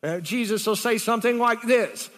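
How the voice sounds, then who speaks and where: A man's voice: very high voice, normal speed, long reverb tail. A man preaching a sermon in a rambling, conversational way, full of rhetorical questions.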